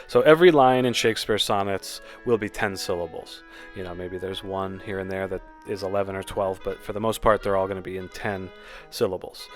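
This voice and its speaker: Male poetry teacher, easygoing, reads verse with feeling; faint music bed. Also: on the low side. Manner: explains informally with fillers, reads verse slowly and expressively. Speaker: poetry teacher, channel host. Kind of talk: relaxed spoken poetry lesson with readings.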